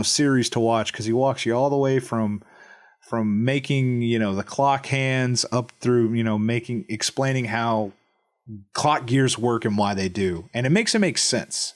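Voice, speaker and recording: A man with a Texan accent, co-hosting a podcast in casual chat, rambling with lots of fillers and restarts. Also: medium pitch. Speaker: podcast co-host.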